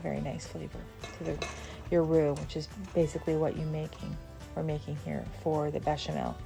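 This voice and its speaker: A woman's voice: low-pitched, level tone, fairly quick, gravelly, music in the background. A woman from the Southern United States hosting a cooking channel, chatting casually through a recipe with fillers and small laughs. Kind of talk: casual cooking demonstration voice-over.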